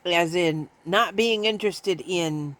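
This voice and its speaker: A woman in casual vlog chat, rambling and laughing often, who switches to a high baby voice when talking to her pets. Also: takes it slowly, fairly bright tone. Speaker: vlogger.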